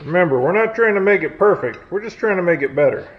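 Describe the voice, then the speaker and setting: A man's voice: a little high, animated, fast, creaky, few pauses. Chatty man in a dull lo-fi garage vlog. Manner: chatty, self-deprecating, talks while working. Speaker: hobby mechanic restoring a truck. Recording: dull lo-fi audio with faint noise. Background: logging machinery next door.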